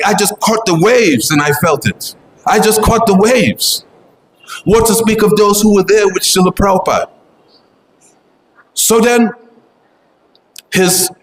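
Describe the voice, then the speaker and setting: A man preaches with fervent, earnest conviction, returning to the same phrases again and again as he builds his point. His voice sits a little high for a man. The sound rings through a reverberant space, with a faint wash of ambient noise behind him. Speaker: devotional speaker. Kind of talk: devotional memorial talk.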